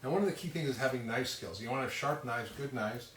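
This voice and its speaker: A man's voice: medium pitch, quick pace, a little hiss or hum. A man hosting a casual live cooking demonstration from his home kitchen, chatting in a self-deprecating way with many fillers. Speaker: cooking show host. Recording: roomy, distant kitchen sound with loud clatter. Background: cutlery, dishes and chopping clatter.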